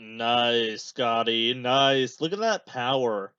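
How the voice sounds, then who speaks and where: A man's voice: medium pitch, takes it slowly, sharp tone, clear, resonant tone, no room sound, lo-fi sound. A young man hosting a podcast, rambling casually through a watch-along with lots of filler words. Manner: rambling, many fillers, chatty asides. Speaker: podcast host.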